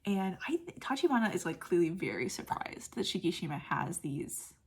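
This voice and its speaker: A woman gushing through a casual film review, saying "like" often and dropping into soft whispers. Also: lowish voice, very animated, moderate pace, slightly rough. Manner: gushing, heavy use of "like", drops to soft whispers when moved; laughs often mid-sentence. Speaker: movie reviewer.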